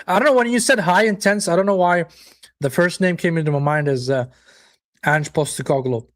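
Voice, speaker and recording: A high, brisk, somewhat bright male voice belongs to the host of a live football watchalong. He chats in a relaxed way, picks up on the match and on viewers' comments, and lets the occasional swear word slip.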